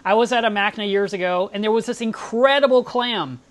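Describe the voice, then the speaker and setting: A woman's voice: mid-range voice, brisk. A woman hosting a live stream, chatting casually and telling stories with enthusiasm.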